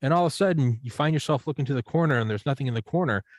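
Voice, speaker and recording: A man chatting as a podcast guest in a loose, rambling way, cursing often and playing out made-up exchanges. His voice sits at a middle pitch. The sound is dry and close, with no room echo. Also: racing. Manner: profane, rambling, animated with acted-out examples. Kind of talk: casual podcast conversation.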